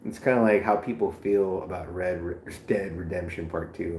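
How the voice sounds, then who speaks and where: A man's voice: low-pitched, fairly even intonation, moderate pace, darkish tone, reverberant, slight background noise. A man live streaming in casual chat, rambling and profane, full of slang.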